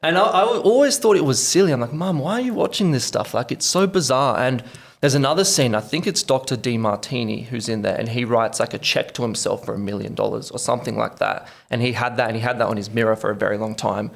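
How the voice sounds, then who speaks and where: Quick, gravelly young Australian man. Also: mid-range voice. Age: 20s. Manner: animated storytelling, acting out quotes. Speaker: podcast guest. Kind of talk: casual interview.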